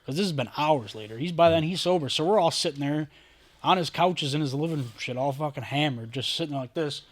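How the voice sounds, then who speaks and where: A man co-hosting a podcast, chatting casually and telling stories in an animated, profane way. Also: fairly high pitch, a little fast. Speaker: podcast co-host. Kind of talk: casual chat.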